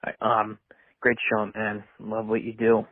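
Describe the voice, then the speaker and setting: A man's voice: lowish voice, monotone, measured pace, slightly rough, no room sound. A male caller phoning in to a sports talk show, speaking in a downcast, hesitant way with many fillers. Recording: tinny phone line.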